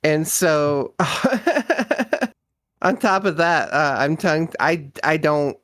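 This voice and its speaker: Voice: medium pitch, extremely slow, a bit bright. A guest on a live stream, trading casual banter. Laughs often, swears freely and teases the host.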